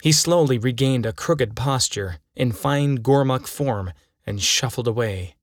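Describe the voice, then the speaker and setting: A man's voice: mid-range voice, unhurried, no echo, studio quality. A man narrating his own first-person story, reading it aloud dramatically. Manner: dramatic storytelling with acted quotes.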